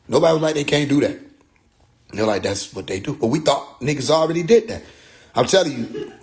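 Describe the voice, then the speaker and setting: With a voice on the high side, a young podcast host spins a casual story, lively and full of swearing, every so often acting out what other people said in their voices.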